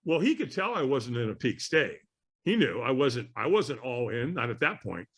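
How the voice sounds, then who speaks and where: With a husky, mid-range voice and a moderate pace, a podcast guest spins an animated tale during an interview. He acts out the voices of the characters in it.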